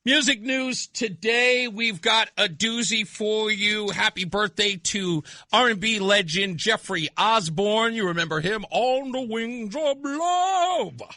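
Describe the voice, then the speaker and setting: A male talk radio host riffing excitedly and laughing often between points. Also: high-pitched, a little slow, hardly any pauses, dry recording. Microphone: studio microphone.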